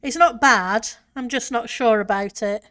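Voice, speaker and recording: Woman, streamer, casual chat, slow easy pace, bit high voice. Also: bright, forceful tone. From northern part of her country. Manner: chatty, reads and answers chat while playing. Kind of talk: casual live-stream chat while gaming.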